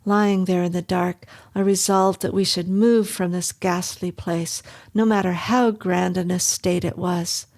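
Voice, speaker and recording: Woman horror narrator, slow and suspenseful, gravelly low end. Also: fairly even intonation, darkish tone. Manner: measured, suspenseful reading.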